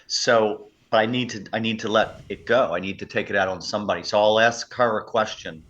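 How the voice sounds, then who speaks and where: Low-voiced comedian guest, lo-fi sound. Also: male voice, steady tone, fairly quick, fairly bright tone. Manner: rambling with fillers. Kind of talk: casual comedy chat. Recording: dull lo-fi sound.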